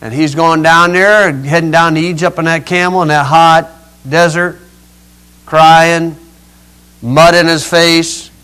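An older male preacher retelling a scripture story in a folksy, dramatic way, swinging between loud rises and quiet drops. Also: fairly high pitch, fairly even intonation, slow pace, clear, resonant tone, low-quality recording. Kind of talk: storytelling sermon.

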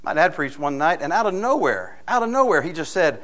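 A male preacher delivering a sermon with a somewhat high-pitched voice. He talks in a folksy, anecdotal way and keeps checking in with his listeners through quick rhetorical questions. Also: sing-song, a bit bright.

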